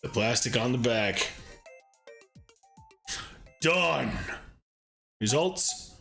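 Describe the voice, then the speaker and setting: A man's voice: medium pitch, animated, drawn-out words, vocal fry, bright, forceful tone, faint music behind. A man hosting a live game playthrough who reads the on-screen text aloud and breaks in with joking asides to himself. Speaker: streamer, show host.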